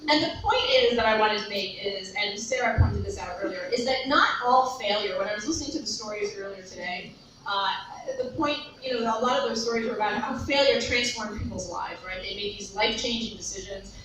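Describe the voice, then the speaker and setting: A woman telling a story at a summit in an animated, laughing way, full of fillers. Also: mid-range voice, fairly quick, music in the background. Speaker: panel speaker at a summit. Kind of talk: storytelling talk. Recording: echoey hall recording from far off.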